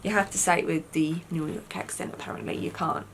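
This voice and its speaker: A young British woman, a beauty vlogger, chats through a makeup tutorial, rambling with lots of fillers. Her deep voice is gravelly, steady in tone, and fairly quick, with slight background noise.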